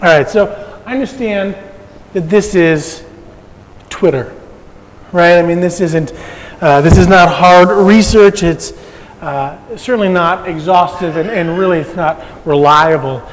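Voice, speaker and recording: Male pastor, high voice, conversational sermon with humor, reverberant sanctuary. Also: measured pace. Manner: conversational preaching with light humor.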